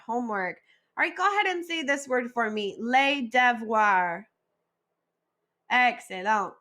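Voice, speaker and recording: A woman teaching a recorded French vocabulary lesson, slowly modeling each word and asking listeners to repeat after her. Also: sits high, bright, forceful tone. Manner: slow, clearly modeled pronunciation with call-and-repeat drills.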